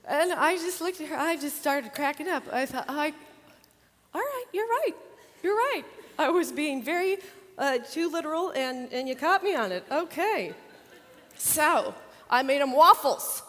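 An older woman, a grandmother, chatting about her grandchildren and then teaching a Bible lesson, animated and laughing as she tells stories. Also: high-pitched, normal speed, in a large hall. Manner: chatty, animated, acts out children's voices with laughter. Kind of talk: casual storytelling and Bible lesson.

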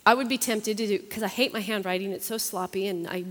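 A woman's voice: medium pitch, fairly even intonation, quick pace, big-room sound. A woman teaching a Bible study in a chatty, earnest way, repeating phrases for emphasis. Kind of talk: conversational sermon.

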